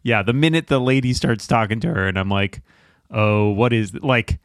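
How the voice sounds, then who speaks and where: Relaxed guy on a podcast, dry close sound, easygoing. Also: mid-range voice, a little fast, clear, resonant tone, dry recording. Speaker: podcast co-host. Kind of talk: casual chat.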